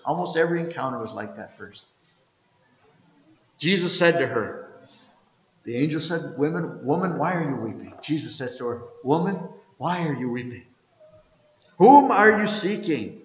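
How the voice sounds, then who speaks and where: A man preaching an Easter sermon as pastor, telling the story and reading scripture aloud, swinging from loud to hushed. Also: medium pitch, animated, normal speed, roomy sound, long reverb tail, lo-fi sound. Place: church sanctuary.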